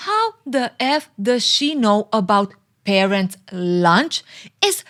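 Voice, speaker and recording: A woman's voice: medium pitch, very animated, slow pace, bright, forceful tone. Woman vlogger, sarcastic recap commentary, teasing and chatty, frequent laughs.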